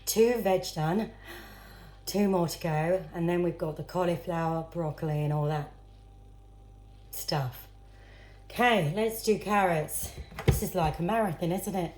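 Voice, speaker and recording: A woman's voice: lowish voice, background noise. Chatty woman cooking in an echoey kitchen. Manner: chatty, talks to herself and viewers while chopping. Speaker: home cooking vlogger. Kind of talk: casual cooking vlog. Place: home kitchen. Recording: echoey kitchen with clattering pans.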